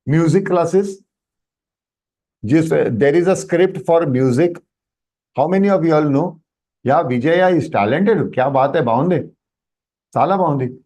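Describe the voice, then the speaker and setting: A man's voice: fairly high pitch, a little fast, pauses often, warm tone. A man with an Indian English accent teaching Sanskrit on a video call, explaining and checking with students as he goes. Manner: explains with questions to students, mixes Hindi into English. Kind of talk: online workshop lesson.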